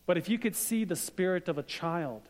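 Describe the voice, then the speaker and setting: A man's voice: sits high, lively intonation, moderate pace, darkish tone. A middle-aged man preaching a sermon in a conversational way, mixing scripture with stories from his family. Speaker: pastor. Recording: long reverb of a hall.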